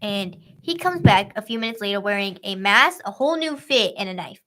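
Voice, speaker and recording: A woman's voice: medium pitch, fairly quick. A young woman hosting a true-crime podcast, retelling a case in casual, slangy chat. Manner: slangy, animated storytelling.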